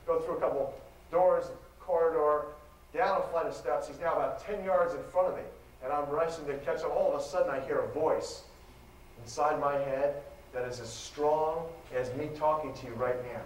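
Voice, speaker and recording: A man giving a live lecture, telling a story in an animated, dramatic way. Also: fairly high pitch, moderate pace. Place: lecture hall. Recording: echoey hall, distant mic, faint noise.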